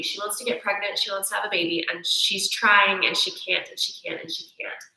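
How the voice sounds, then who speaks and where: Chatty woman yoga teacher, echoey room. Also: medium pitch. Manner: chatty, animated, acts out inner thoughts. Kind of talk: casual teaching talk.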